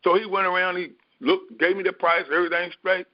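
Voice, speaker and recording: A man preaching by telling a personal story in a folksy, animated way, with many fillers. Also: high voice, a little fast, dry recording. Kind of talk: storytelling sermon. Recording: dull, dry lo-fi recording.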